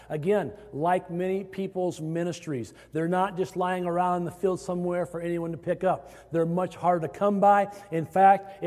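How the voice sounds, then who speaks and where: A man's voice: high-pitched, a little mellow. A man from Iowa, a pastor preaching a sermon to his congregation, stressing phrases as his voice rises. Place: church sanctuary. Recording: hall reverb.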